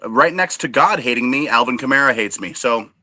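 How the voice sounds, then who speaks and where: A man's voice: mid-range voice, expressive, fairly quick, background noise. A man co-hosting a casual sports chat show, cracking jokes and poking fun at himself. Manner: wisecracking, self-deprecating. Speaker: podcast co-host.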